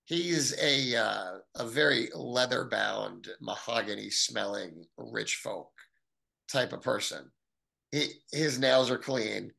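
A middle-aged man telling his own story in an interview, animated, acting out what others said to him. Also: slow, creaky. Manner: animated, acts out quoted voices with big pitch jumps.

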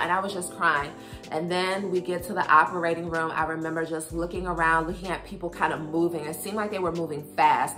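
Woman, chatty vlog storytelling, lowish bright voice, soft music behind. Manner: chatty, expressive, talks to viewers as girlfriends. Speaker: vlogger. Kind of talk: casual storytelling to camera.

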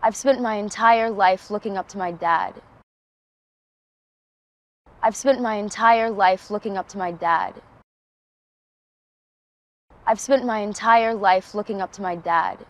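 A woman's voice: medium pitch, unhurried, long pauses, close to an everyday voice, rough recording. An actress playing a troubled teenage girl in a TV series, earnest and brooding. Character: troubled teenage girl doubting her parents. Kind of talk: TV series dialogue.

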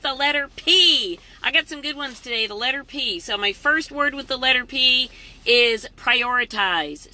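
A woman's voice: a little high, sharp tone. A middle-aged woman hosting a casual live-stream from her parked truck, chatty and motivational. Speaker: vlog host. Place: parked truck at a rest area.

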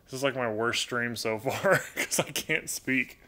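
Talking to his pet birds and reading chat messages aloud, a man hosts a casual, rambling live Q&A stream from home. His raspy voice is medium in pitch, a little slow, and pushed and bright.

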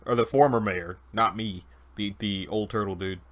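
A man giving casual gameplay commentary, chatty and animated, thinking aloud as he plays. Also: on the low side, normal speed. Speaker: let's play gamer.

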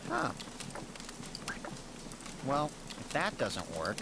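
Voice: medium pitch, wildly swooping pitch, very slow, gravelly, noisy background, exaggerated voice. A sulky, sarcastic leader. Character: whiny, self-pitying male leader.

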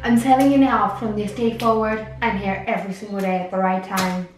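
A woman's voice: medium pitch, level tone, a little fast, pitched below the performer's own voice, close to an everyday voice. A woman doing a pleading job applicant. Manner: pleading, insistent. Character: desperate female job applicant who turned up late. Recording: echoey room, distant mic, music.

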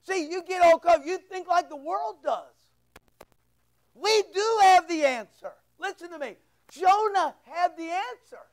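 A man's voice: very high voice, animated, unhurried, poor audio. A man preaching a fervent sermon from the pulpit, firing off rhetorical questions and pressing points home with emphatic repetition. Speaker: pastor.

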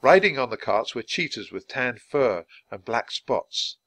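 Male storybook reader, clear and animated. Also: medium pitch, measured pace, no echo. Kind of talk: reading a children's book aloud.

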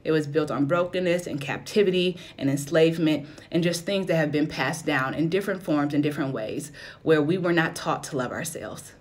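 A woman's voice: low voice, brisk. A woman in her thirties hosting a live stream as a self-love coach, preaching, encouraging and greeting viewers by name. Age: 30s.

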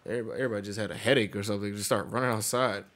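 A woman's voice: rumbling low, steady tone, rapid-fire, a little hiss or hum. A woman reacting casually to a film recap, blunt and swearing freely. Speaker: co-viewer reacting.

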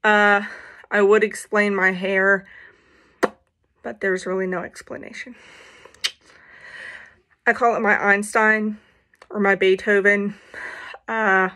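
A woman's voice: medium pitch, flat delivery, slow, pauses often, pushed and bright. A woman casually reading a children's picture book aloud, playful, with jokey asides and animal noises.

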